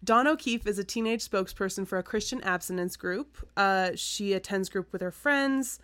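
A woman's voice: medium pitch, normal speed, fairly bright tone. A woman co-hosting a podcast, chatting in an easygoing, self-deprecating way and reading summaries aloud. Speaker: podcast co-host. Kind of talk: casual chat.

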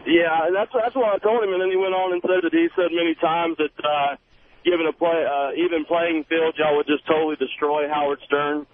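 A man calls in to a radio show, friendly and folksy, with a few fillers. He sits a little high in his register, and the sound is thin and tinny like a phone line. A faint hiss runs underneath. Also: steady tone, a little fast. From South Carolina. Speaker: caller.

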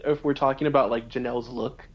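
Animated young woman podcast co-host. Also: a bass voice, quick pace, dull audio, crowd noise. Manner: animated, laughs readily, filler-heavy. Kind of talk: casual chat recapping a TV show.

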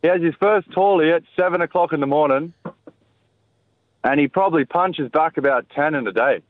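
A chatty Australian man with a fairly high voice, leaving a crude voice message. The sound is dry and tinny, like a phone line. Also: normal speed, no echo. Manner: crude, chatty, swears freely. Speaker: caller. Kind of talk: recorded voice message.

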